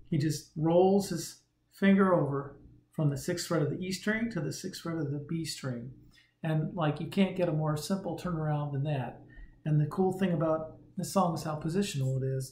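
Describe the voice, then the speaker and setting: A man's voice: a little high, slight background noise. Casual man teaching a guitar lesson. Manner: relaxed, conversational, hums rhythms aloud. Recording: roomy sound with guitar playing.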